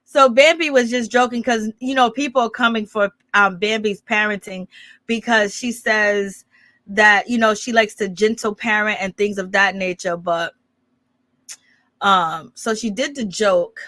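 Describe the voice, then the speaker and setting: A woman's voice: medium pitch, steady tone, a little slow, bright, forceful tone, no echo. A woman hosting a gossip commentary channel, recapping a clip in a rambling, casual way with lots of fillers.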